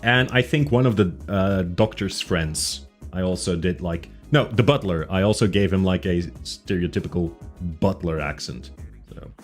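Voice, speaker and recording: A man's voice: deep voice, moderate pace. A man streaming a casual chat with his viewers, rambling through tangents with many fillers and restarts. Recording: faint music behind.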